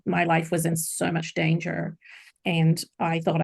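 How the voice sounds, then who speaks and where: A middle-aged woman with a low, gravelly voice recounts a painful chapter of her life as a podcast guest. She talks earnestly and reflectively, in a personal interview tone. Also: measured pace.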